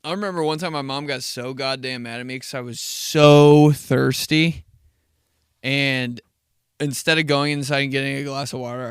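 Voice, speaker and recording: A man's voice: medium pitch, smooth, dry recording, clean studio sound. A man hosting a casual solo podcast, telling stories in a laid-back, profane way with frequent laughs. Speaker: podcast host.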